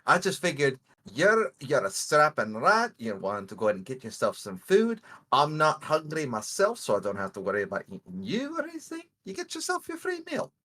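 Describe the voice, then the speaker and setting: A blunt predator figure talks a rat into things with a lively, swinging pitch, as a player puts her on. The swearing comes easily and the tone stays casually threatening. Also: fairly quick, heavily acted. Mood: coaxing. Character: blunt, menacing bird-like woman predator.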